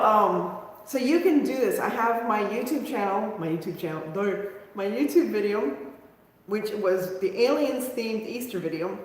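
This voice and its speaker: A middle-aged woman hosting a crafting livestream, telling stories in a chatty, animated way while answering viewers. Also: medium pitch. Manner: chatty storyteller, animated asides to chat viewers. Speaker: craft show host. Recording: very echoey room with long reverb.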